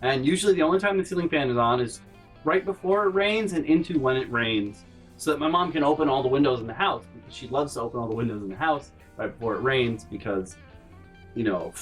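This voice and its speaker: A man's voice: medium pitch, distant mic, rough recording. A man telling a comedic story from his life, rambling and swearing freely. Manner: profane, rambling, animated. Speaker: channel host, storyteller.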